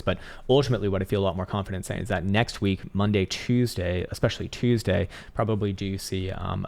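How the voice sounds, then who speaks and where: Low gravelly man talking charts. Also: darkish tone. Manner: loose, rambling, fillers and casual swearing. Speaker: crypto market analyst host. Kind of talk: casual chart analysis commentary.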